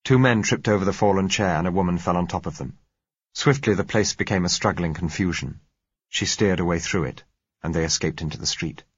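Male audiobook narrator, deep voice, husky, measured, slightly muffled sound. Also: no room sound. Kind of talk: scripted first-person narration.

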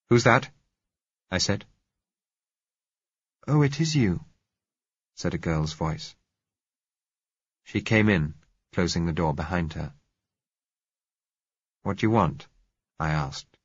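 A man narrating a novel in the first person, measured and reflective. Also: deep voice, husky, dry recording, highs cut off.

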